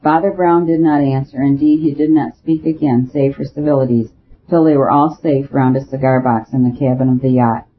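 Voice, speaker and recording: A man reading an audiobook as narrator, with a steady, even storytelling delivery. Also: mid-range voice, fairly quick, husky. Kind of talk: scripted narration. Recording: tinny phone-like audio.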